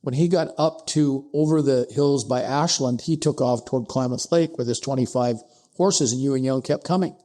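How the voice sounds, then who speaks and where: A man telling a historical story as a podcast guest, acting out the dialogue with sudden rises in pitch. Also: moderate pace, mellow. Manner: acts out dialogue with pitch jumps, asides like "I'm paraphrasing". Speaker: podcast guest, distillery co-founder.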